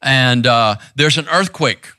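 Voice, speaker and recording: A man's voice: mid-range voice, lively intonation, takes it slowly, bright, forceful tone, no room sound, studio quality. A man preaching a sermon in a conversational, intense way, often checking in with "right?", seated on a stool in a church room. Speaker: pastor.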